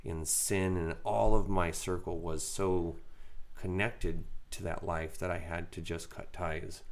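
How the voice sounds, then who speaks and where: Guy with a really low voice, casual podcast chat, candid and poking fun at himself. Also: a little slow. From raised in a Mennonite Brethren community. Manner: candid, self-deprecating, animated when quoting others. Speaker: podcast co-host. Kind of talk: casual storytelling.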